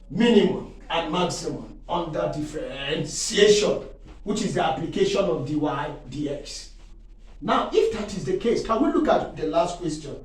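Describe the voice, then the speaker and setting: A man with a high voice teaches calculus, stopping again and again to quiz his listeners with "what?" and to ask if they are still there. He sounds far from the mic, in a very echoey room that rings around every phrase. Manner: quizzing listeners with leading "what?" prompts; checks in often and exclaims to himself. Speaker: maths teacher. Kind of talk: classroom-style maths lesson.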